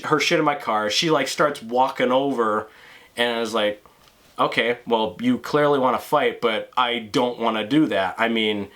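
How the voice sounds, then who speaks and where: A man's voice: mid-range voice, fairly bright tone. A man with a mid-range voice tells a story straight to the camera. He swears often and stammers through restarts as he rambles on. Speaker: vlogger. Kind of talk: storytime monologue.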